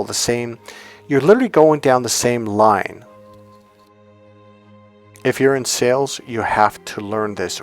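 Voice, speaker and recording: A man, a relationship and communication coach, giving a motivational teaching talk and acting out quoted voices as he tells stories. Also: fairly low pitch. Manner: animated storyteller, acts out quoted voices.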